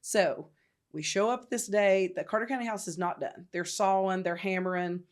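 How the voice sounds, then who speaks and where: A middle-aged woman tells her story in an interview. She is emphatic and animated, and she acts out the voices of the people she quotes. Her pitch sits in a middle register. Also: moderate pace. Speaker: nonprofit founder, guest.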